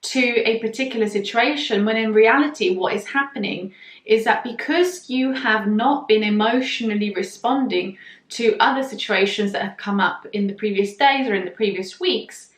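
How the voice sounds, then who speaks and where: A woman explaining a topic in a calm, direct video lesson, speaking straight to the viewer. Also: a little high, reverberant. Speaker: human design teacher.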